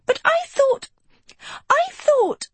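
A woman's voice: very high-pitched, lively intonation, slow, no room sound, voice pushed up, heavily acted. A woman voicing a prim, dramatic teenage girl who talks in a gushing, theatrical way. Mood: distraught.

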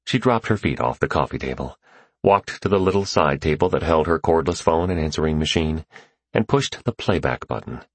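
A man reading a novel aloud as narrator, in measured, even storytelling. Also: very deep voice, dry recording. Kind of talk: scripted audiobook narration.

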